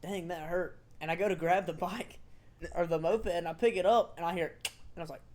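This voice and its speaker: A young man chatting casually as a podcast co-host, telling a story with lively acted-out yelps. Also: sits high, fairly quick, a little hiss or hum. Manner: animated storytelling, acts out own yelps. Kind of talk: casual chat.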